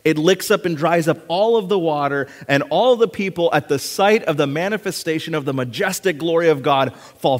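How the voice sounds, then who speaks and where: A man preaching a sermon, reading scripture and retelling the story with lively storytelling. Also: fairly high pitch, a little fast, few pauses, long reverb tail. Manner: storytelling, animated when retelling scenes.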